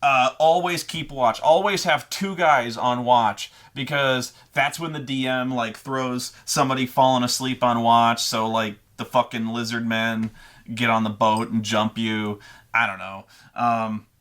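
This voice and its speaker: A man's voice: medium pitch, fairly even intonation, unhurried, fairly bright tone. A man rambles through advice from behind the game master's screen, swearing freely and tripping over restarts. His talk is loose and unscripted. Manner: rambling, profane, with stammering restarts. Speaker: dungeon master giving gaming advice. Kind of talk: casual unscripted monologue.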